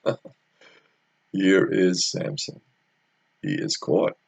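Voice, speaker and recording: A man's voice: low-pitched, very animated, slow, creaky, slightly rough, no echo. A man retelling a Bible story in a casual, conversational way, with frequent fillers. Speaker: Bible teacher.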